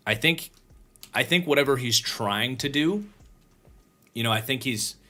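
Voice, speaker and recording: A man's voice: mid-range voice, a little slow, sharp tone, soft background music. Tired man breaking down game film. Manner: casual, thinks aloud, frequent restarts. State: tired, yawning. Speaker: host and football draft analyst. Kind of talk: livestream film-breakdown commentary.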